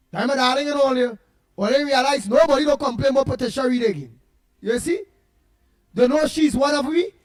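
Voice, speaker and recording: A Trinidadian man hosting a casual morning talk show, telling jokes in an animated way and greeting listeners by name. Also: very high-pitched. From Trinidad and Tobago. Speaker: radio show host.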